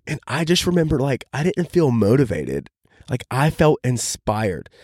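A young man hosts his own podcast and tells a long story in an eager, casual rush, with "like" dropped into almost every phrase. His voice sits at an ordinary middle pitch. The sound is dry and close, with no room echo. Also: sing-song, moderate pace, darkish tone, slightly rough. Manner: enthusiastic, heavy use of "like" fillers. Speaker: podcast host.

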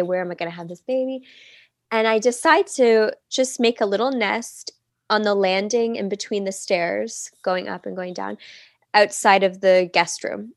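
A woman in her thirties shares a personal story as a podcast guest. She talks casually, with plenty of "like" fillers, and is recorded close and dry. Her voice sits at a middling pitch for a woman. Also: creaky, no echo. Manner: chatty, many "like" fillers, acts out quoted speech.

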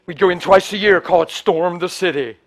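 A man, a pastor, preaching a sermon with passion, swinging from loud bursts to hushed storytelling. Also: high-pitched, fairly quick.

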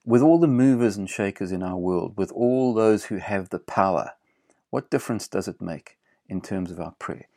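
A man preaching a sermon, earnest and emphatic, repeating phrases with pauses and fillers. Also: low voice, expressive, mellow, no room sound, clean studio sound.

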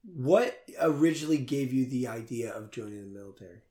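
A male interviewer with a mid-pitched voice, putting probing questions in a dry, casual way. His voice carries a clear room echo. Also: expressive, a little fast, mellow. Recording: roomy echo.

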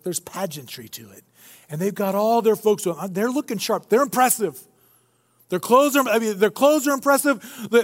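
A male pastor delivers a lively sermon, cracking jokes as he retells the scene. His voice sits high for a man. It echoes with the long reverb of a large church hall. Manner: animated, joking storyteller.

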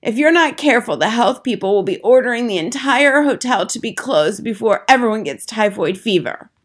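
A woman's voice: on the high side, lively intonation, brisk, pitched above the performer's own voice. A woman voicing a stern, feisty old grandmother in a storybook reading, blunt and relentless as she argues. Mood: indignant.

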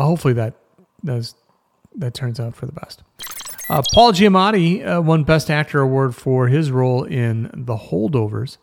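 A man hosting a rambling, casual news talk show, often stopping and restarting mid-sentence. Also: medium pitch. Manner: rambling, self-interrupting, chatty. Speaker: news podcast host.

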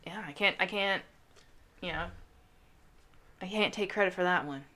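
A bright-voiced woman in a loose podcast chat, sprinkling her family stories with filler words. She talks in a relaxed, rambling way. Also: lowish voice, normal speed. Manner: chatty storyteller, lots of "like" fillers. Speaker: guest.

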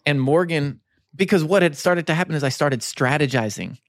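Earnest storytelling pastor, dry close mic. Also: male voice, fairly high pitch, lively intonation, normal speed, a bit bright, no room sound. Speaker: pastor and podcast co-host. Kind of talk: casual faith podcast chat.

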